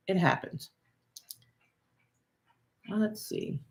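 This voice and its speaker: A woman's voice: sits low, normal speed. A woman co-hosting a relationship talk, telling a personal story in a candid, casual way and repeating phrases as she thinks aloud. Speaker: relationship coach and co-host.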